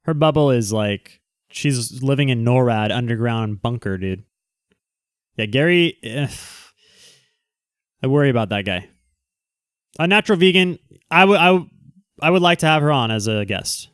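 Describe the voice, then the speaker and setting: A man hosting a casual livestream, talking loosely and jumping between asides to the people watching. His voice comes across smooth and resonant. The sound is close and dry, with no room around it. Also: medium pitch, lively intonation, a bit bright, no echo. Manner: rambling, quick asides to viewers. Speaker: livestream host.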